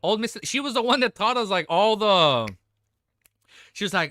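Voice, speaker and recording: A man's voice: high-pitched, lively intonation, brisk, bright, forceful tone, no echo, studio quality. A young man streaming live, reading a novel aloud and reacting in a casual, emotional, swearing way. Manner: casual and swearing, often emotional, exclaims "dude".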